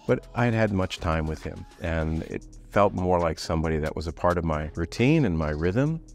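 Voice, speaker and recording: A man's voice: lively intonation, normal speed, gravelly, faint music behind. A middle-aged man from the United States telling a personal story in a conversational way, raising his voice to act out what others said. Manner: conversational, acts out quoted voices with raised pitch.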